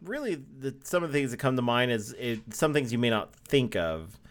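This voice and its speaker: A man co-hosting a casual travel podcast, playful and quick to laugh. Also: mid-range voice, expressive. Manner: playful, laughs often, tries silly impressions. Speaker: podcast co-host. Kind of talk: casual chat.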